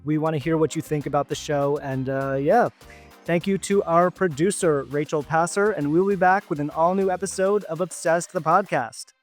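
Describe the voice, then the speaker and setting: A man's voice: fairly high pitch, fairly even intonation, normal speed, faint music behind. A man hosting a podcast, asking questions and reading an upbeat outro with thank-yous. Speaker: podcast host. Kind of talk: interview and outro read.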